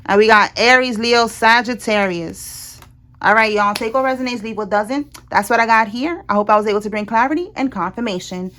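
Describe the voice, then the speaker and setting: A woman's voice: a little high, a little fast, a bit bright, slight background noise. A woman giving a casual tarot reading, blunt and chatty, with cursing and laughter. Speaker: tarot reader.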